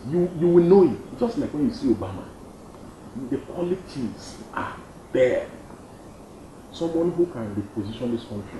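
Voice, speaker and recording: Emphatic young Nigerian man in a roomy room. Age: young adult. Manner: emphatic, repeats points, lively pitch swings. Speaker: activist guest. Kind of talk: interview answers. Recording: dull roomy studio sound, faint noise.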